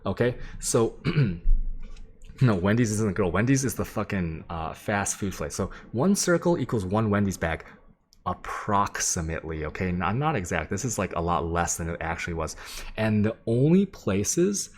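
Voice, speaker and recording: Male streamer with a very low voice, casual and sweary, rambling through a story to chat. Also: very animated, normal speed. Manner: rambling, profane, lots of "like" and "um"; sketches while he talks, addressing chat. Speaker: game streamer.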